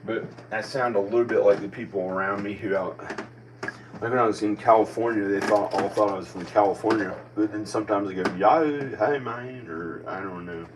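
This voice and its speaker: There's a steady tone to this lowish male voice, which moves fairly quickly. The speaker, a man in his forties with an American country accent, rambles through a self-questioning monologue marked by frequent restarts. Faint background noise is picked up by the distant mic.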